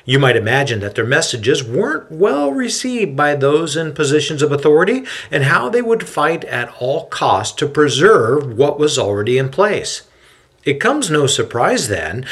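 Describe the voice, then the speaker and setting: Expressive male podcast narrator, husky. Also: fairly high pitch. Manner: expressive, dramatic storytelling. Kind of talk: scripted narration.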